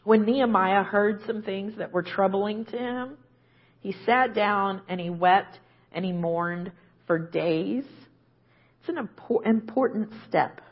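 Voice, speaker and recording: A woman's voice: medium pitch, slow, highs cut off. A woman preaching a conversational sermon, often checking in with "right?". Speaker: guest preacher.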